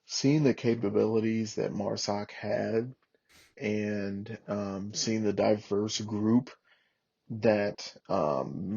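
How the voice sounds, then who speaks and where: A podcast guest who served as a Marine tells candid war stories casually, swearing without restraint and performing old radio calls. His fairly low, creaky voice has a darkish tone, he speaks haltingly with many fillers, and the audio sounds dull.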